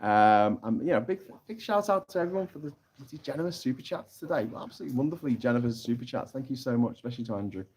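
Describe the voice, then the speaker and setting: A man's voice: lively intonation, fast talker, darkish tone, slightly rough. A middle-aged British man hosting a casual live stream, reading chat comments and making mocking jokes. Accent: British English. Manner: chatty, mocking, jumps into high squeaky voices for caricatures.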